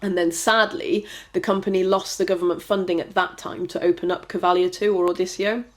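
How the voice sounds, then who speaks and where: A woman's voice: lowish voice, fairly even intonation, a little fast. A woman guest telling her story in a casual interview, chatty and rambling, with many fillers and restarts. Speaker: trick rider, podcast guest.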